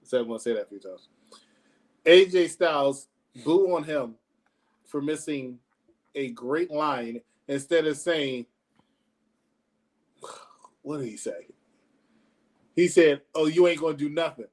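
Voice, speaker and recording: A man with a slightly high voice trades sarcastic jokes in a relaxed chat. He laughs at his own jokes and keeps a teasing edge. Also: slow pace, pauses often. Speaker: podcast co-host reviewing wrestling. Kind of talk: casual review chat.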